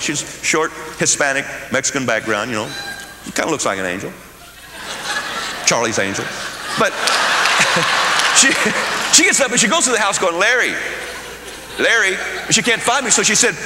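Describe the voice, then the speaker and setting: A man doing stand-up storytelling, animated and acting out voices, recorded in an echoey hall with an audience. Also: on the high side, noisy background. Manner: animated, acts out voices and screams. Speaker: comedian. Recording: echoey hall with live crowd. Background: audience laughter.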